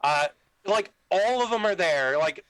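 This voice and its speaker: Young guy telling a story on a podcast, acts out all the quotes, says like a lot, sharp bright tone. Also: high voice, unhurried, smooth, dry recording, poor audio. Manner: animated, acts out quoted dialogue, many "like" fillers. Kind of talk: casual storytelling.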